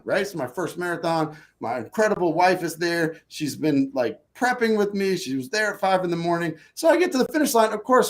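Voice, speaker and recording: A man telling a personal story in a casual interview, acting out his own past thoughts with lively energy. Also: fairly high pitch. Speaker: podcast guest.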